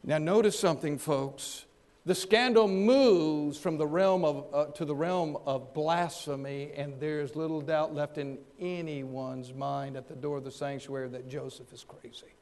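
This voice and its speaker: A man preaching a sermon, acting out the people in the story and swinging between loud and soft. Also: fairly high pitch, steady tone, measured pace. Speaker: pastor.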